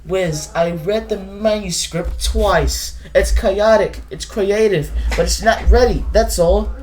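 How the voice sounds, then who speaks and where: A woman doing a weary, calm male editor. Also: mid-range voice, lightly acted, low-quality recording. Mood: patient. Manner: calm, measured, placating. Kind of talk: comedy sketch acting.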